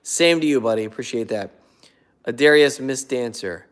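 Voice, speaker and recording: A man's voice: medium pitch, normal speed. A man hosting a casual live stream on his phone, chatting and reading viewer comments aloud. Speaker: prank video host.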